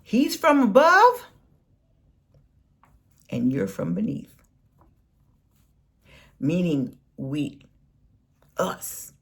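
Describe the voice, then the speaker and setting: Lady ranting on her vlog, slow and preachy, voice jumps all over the place. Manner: scolding, preachy, lively pitch swings. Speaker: political commentary vlogger. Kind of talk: impassioned political rant.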